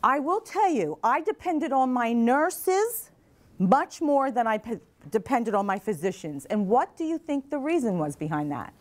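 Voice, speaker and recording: A woman's voice: a little high, very animated, unhurried. A middle-aged woman, a mental health advocate, giving an earnest talk to nursing students and asking them questions. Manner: earnest, asks the audience questions, repeats their answers. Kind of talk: motivational talk to a class. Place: classroom or lecture hall.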